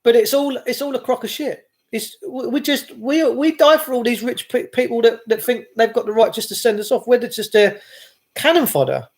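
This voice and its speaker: A man's voice: very high voice, moderate pace. A middle-aged man delivering an impassioned, rambling monologue, repeating himself and restarting phrases. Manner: impassioned, repetitive, with frequent restarts.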